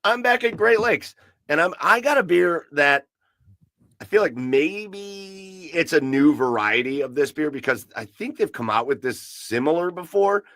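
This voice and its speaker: Relaxed male podcast co-host, dry sound. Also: fairly high pitch, measured pace, dry recording. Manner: relaxed, rambling, enthusiastic about beer. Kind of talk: casual chat. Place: home garage.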